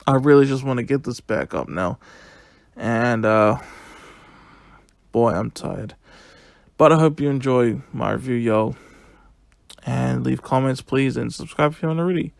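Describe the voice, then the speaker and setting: A man giving a casual, excitable solo review, retelling events in a rambling, chatty way. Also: mid-range voice, fairly quick, gravelly, dry recording, studio quality.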